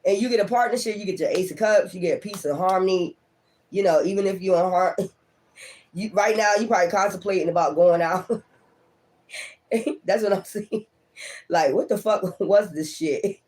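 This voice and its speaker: A man giving a casual tarot reading, talking straight to viewers with lots of swearing and laughter, and acting out their thoughts in quick asides. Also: high-pitched, a little mellow. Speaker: tarot reader.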